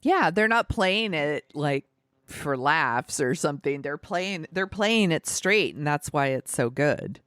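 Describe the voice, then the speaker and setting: A woman co-hosting a podcast, recapping a film plot in animated, casual chat. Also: deep voice, slow pace, dry recording, clean studio sound. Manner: chatty, animated recapping with laughs and fillers. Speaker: podcast co-host. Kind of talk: casual movie discussion.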